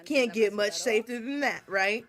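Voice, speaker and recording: A woman plays a chatty, motherly cafeteria lady in a visual novel read-aloud, drawling slowly in a homely, folksy way. Her voice sits a little high and takes its time. Soft music plays faintly behind.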